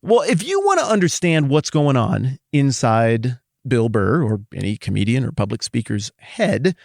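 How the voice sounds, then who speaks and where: A middle-aged man hosting a podcast, talking in an animated, conversational way with rambling asides. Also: mid-range voice, moderate pace, vocal fry, dry recording, studio quality. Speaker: podcast host. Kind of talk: casual monologue.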